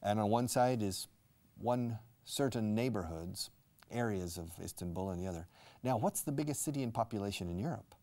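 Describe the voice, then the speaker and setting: Deep-ish gravelly guy teaching english, slow and chatty, says words twice. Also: dark tone. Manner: explains slowly, repeats words, switches to Spanish for learners. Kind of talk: casual language lesson.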